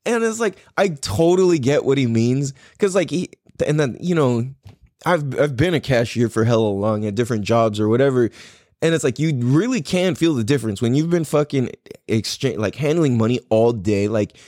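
Lively, animated male podcast host. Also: mid-range voice, moderate pace, no echo, studio quality. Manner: profane, slangy, rambling with restarts; animated, voice jumps up when riled. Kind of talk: casual storytelling chat.

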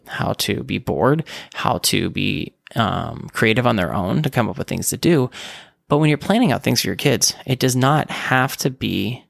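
A man talks through his podcast episode in a relaxed, conversational way, stopping to correct himself now and then. His mid-range voice has a gravelly texture. The sound is dry and close. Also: medium pitch, no room sound. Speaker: podcast host. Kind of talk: casual solo podcast talk.

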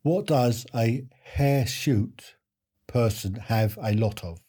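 Slow, husky quiz host. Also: male voice, mid-range voice, dark tone. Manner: chatty, chuckling, self-deprecating. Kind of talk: casual live-stream quiz hosting.

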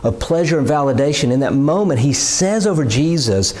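A man's voice: a little high, animated, a little fast, few pauses, darkish tone. A man preaching a sermon in an earnest, emphatic way, often repeating words as he builds a point.

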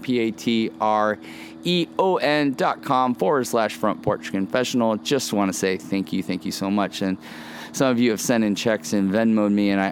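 A man's voice: fairly low pitch, slight background noise. A man hosting a casual devotional podcast outdoors, speaking earnestly and encouragingly and often repeating phrases. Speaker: podcast host. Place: outdoors by a pool.

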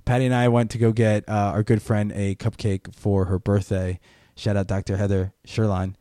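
A man's voice: fairly low pitch, flat delivery, normal speed, dark tone, dry recording, studio quality. A man hosting a podcast alone, telling a story casually, rambling with frequent restarts and little laughs. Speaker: podcast host. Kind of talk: casual solo podcast monologue.

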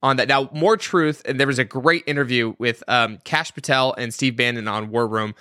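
A male talk-show host with a bright, forward voice at a mid pitch. He is relaxed and agreeable as he steers the chat. The sound is close and dry. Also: moderate pace, smooth, no echo. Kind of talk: casual talk-show hosting.

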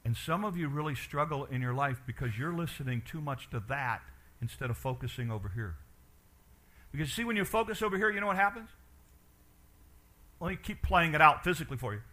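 A man preaching a sermon as pastor, animated and asking his congregation questions, dropping quiet for emphasis. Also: a little high, brisk.

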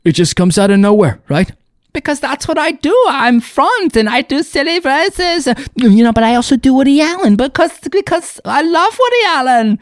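A man's voice: very high voice, very animated, normal speed, no echo, studio quality, voice pushed up. A man putting on the voice of a silly German man who does impressions, with a German accent and a giddy, sing-song manner.

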